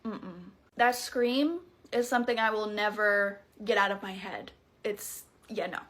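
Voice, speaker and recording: A woman in her thirties with a Southern US accent, telling a scary story in a casual, animated way, swearing freely and adding dramatic asides. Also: mid-range voice, measured pace.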